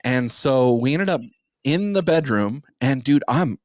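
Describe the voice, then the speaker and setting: A man's voice: mid-range voice, lively intonation, unhurried, dry recording, studio quality. A young man hosting a podcast, telling a crude, rambling story in a casual, profane way. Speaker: podcast host.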